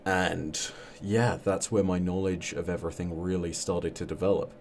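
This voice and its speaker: A man being interviewed as a guest on a podcast. He talks reflectively about how he came to storytelling, with a measured delivery and many fillers. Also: deep voice, fairly even intonation, a little mellow, slight background noise.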